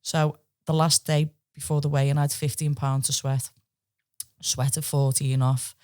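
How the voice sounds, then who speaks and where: A woman in her thirties with a Liverpool accent, a podcast guest telling stories in a casual, lively chat and swearing freely. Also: low voice, normal speed. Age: 30s. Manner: lively, swears freely, acts out quoted voices.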